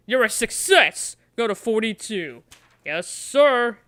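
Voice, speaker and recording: A woman's voice: a little high, sing-song, takes it slowly, fairly bright tone, dry recording. A woman streamer playing a gamebook on a livestream, chatting playfully and coaxing the dice.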